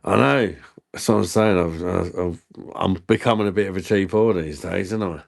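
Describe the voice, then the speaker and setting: Male livestream host, very low and gravelly, unhurried crude banter. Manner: crude, self-mocking banter with frequent laughter. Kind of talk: casual livestream chat.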